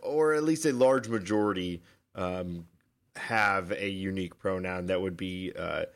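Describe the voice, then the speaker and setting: Low-voiced man musing on a podcast. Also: a little slow. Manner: relaxed, hesitant, with many ums and "you know". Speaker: podcast co-host. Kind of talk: casual podcast discussion.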